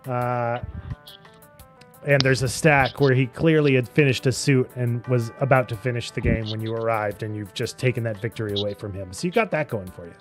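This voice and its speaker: A man's voice: medium pitch, faint music behind. A man narrating a tabletop game as game master, playful and often laughing, with voices tossed into his narration. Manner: playful, laughing, voices characters in quick asides.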